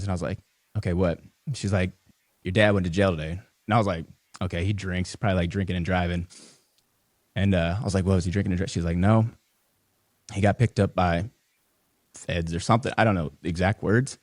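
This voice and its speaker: A man with a notably low voice talks as a podcast guest, loose and rambling, full of fillers and restarts. The sound is dry and close, with no room around it. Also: fairly even intonation, a little fast, long pauses, dry recording. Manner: emotional, holding back tears. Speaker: podcast guest, business founder. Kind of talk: casual interview conversation.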